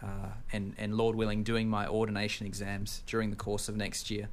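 A young man with an Australian accent, speaking in an earnest, measured way about entering ministry training, with a light sense of humor. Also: lowish voice, monotone, slight background noise. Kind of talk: casual interview chat.

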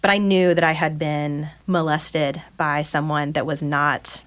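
A woman's voice: deep voice, flat delivery, measured pace. A woman in her thirties, a podcast guest, telling her personal story openly and earnestly and acting out the people she quotes. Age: 30s. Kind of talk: candid personal storytelling in conversation.

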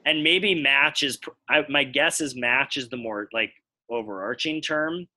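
A man's voice: medium pitch, measured pace, pushed and bright. An American man co-hosting a podcast, explaining things at length in casual chat while thinking aloud. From United States. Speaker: podcast co-host.

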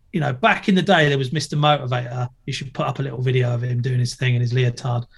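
A middle-aged man, a former skateboarder and TV presenter, chatting as a podcast guest, joking and telling stories with plenty of swearing. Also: mid-range voice. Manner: jokey, storytelling, swears freely. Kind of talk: casual podcast interview.

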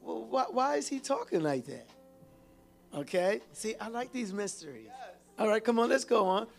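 A man with a high-pitched voice preaches a lively sermon, calling out to his congregation for responses. He repeats and restarts phrases as he builds a point. Soft music plays behind him. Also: normal speed, vocal fry. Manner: animated preaching with call-and-response. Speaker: pastor.

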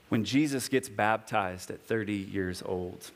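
Earnest preaching man, lowish voice. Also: unhurried, hardly any pauses, long reverb tail. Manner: earnest, builds to impassioned high-pitched preaching. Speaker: pastor. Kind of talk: sermon.

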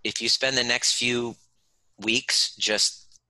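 Intense bright-voiced man coaching. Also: medium pitch, steady tone, slow pace. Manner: intense, soothing, swears freely. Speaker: guest, chiropractor and educator. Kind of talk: guided emotional coaching.

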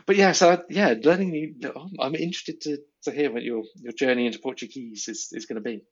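Man, raspy voice, muffled lo-fi sound, reflective, stumbles over words. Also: mid-range voice, brisk. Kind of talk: casual conversation. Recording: dull lo-fi audio.

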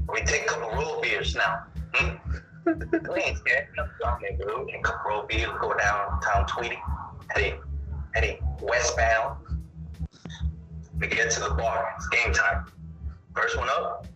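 A man calling in to a show, telling a long rambling story with lots of swearing and animated asides. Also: medium pitch, a little slow, long pauses, soft background music. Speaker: caller. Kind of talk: casual storytelling. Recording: roomy, distant phone-in sound.

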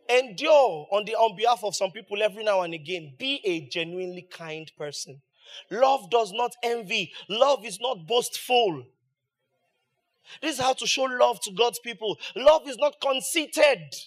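A man's voice: high-pitched, animated, moderate pace. A man preaching a sermon as pastor, building emphasis with rhetorical questions.

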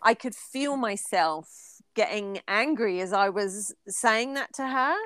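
A woman's voice: mid-range voice, animated, takes it slowly, a bit bright, dry recording. A middle-aged woman co-hosting a podcast, talking candidly in casual chat and swearing freely. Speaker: podcast co-host.

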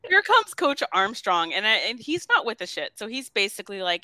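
Casting: woman podcast co-host, lively swooping delivery, bright and sharp, casual chat. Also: mid-range voice, brisk, hardly any pauses, dry recording. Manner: animated, acts out characters' lines in voices; swears casually. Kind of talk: casual chat recapping a TV episode.

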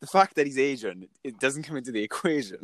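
A man's voice: medium pitch, expressive, fast talker, fairly bright tone, dry recording. A Welsh man chatting as a podcast guest, joking and laughing through his stories. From Wales. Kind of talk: casual chat.

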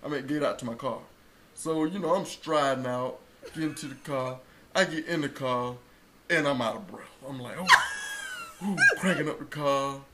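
A man telling a story in casual chat, acting out quotes and rising to loud bursts. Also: medium pitch, moderate pace, noisy background. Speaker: co-host telling a birth story.

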